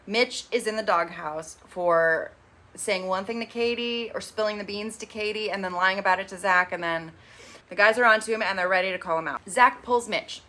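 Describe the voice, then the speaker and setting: Bright, chatty woman recapping TV. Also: medium pitch, moderate pace. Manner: chatty, sarcastic, mimics people she quotes. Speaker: recap host. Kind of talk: casual TV recap commentary.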